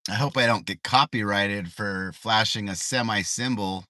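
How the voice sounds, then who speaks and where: A man's voice: on the low side, moderate pace, few pauses, sharp tone, no room sound. Brief: middle-aged man, ranting livestreamer, tense, dry car sound. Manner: ranting, repetitive rhetorical questions. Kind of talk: casual livestream rant. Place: parked car in a parking lot.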